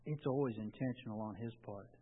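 A man's voice: on the low side, a little fast, husky. A man preaching a sermon in a conversational way, often restarting his phrases. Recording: tinny, phone-like with long reverb.

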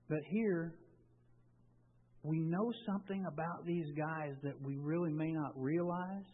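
Husky man preaching in an echoing hall. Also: on the high side, a little slow. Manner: conversational preaching with repeated restarts. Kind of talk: sermon. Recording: tinny, phone-like with long reverb.

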